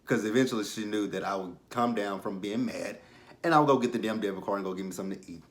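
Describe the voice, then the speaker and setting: A man's voice: lowish voice, quick pace. Candid young man recapping reality TV. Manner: candid, rambling, often trails off into quiet asides. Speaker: show recap vlogger.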